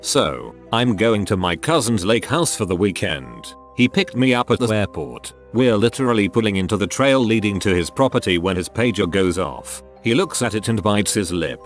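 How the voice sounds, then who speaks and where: A man's voice: on the low side, lively intonation, normal speed, few pauses, faint music behind. A man narrating online stories from a script, wry, with joking asides between them. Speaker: story narrator.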